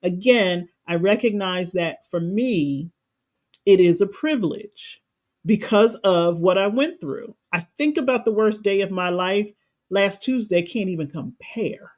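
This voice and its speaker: A woman's voice: mid-range voice, unhurried, darkish tone. A woman life coach giving a motivational talk on a live stream, emphatic and passionate, repeating phrases for emphasis. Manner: passionate, preacher-like cadence.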